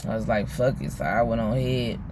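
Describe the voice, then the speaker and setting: A man's voice: on the low side, animated, a little fast, darkish tone, a little hiss or hum. Rambling, slangy man telling a story. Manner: rambling, slangy, frequent "you know what I'm saying"; profane, candid. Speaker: vlogger. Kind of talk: casual storytime monologue.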